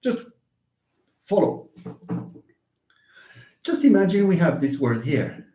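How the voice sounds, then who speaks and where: Animated man giving a linguistics lecture. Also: fairly high pitch, slow. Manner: animated, acts out examples, many fillers and restarts. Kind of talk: university lecture.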